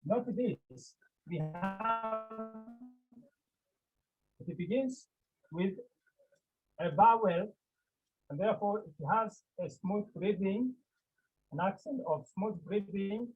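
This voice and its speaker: A teacher leads a lecture at a very slow, measured pace, sounding out each syllable. The voice is husky and a little breathy. It comes through a thin, phone-like online class stream. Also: mid-range voice. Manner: asks the class questions, then answers them. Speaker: Greek teacher.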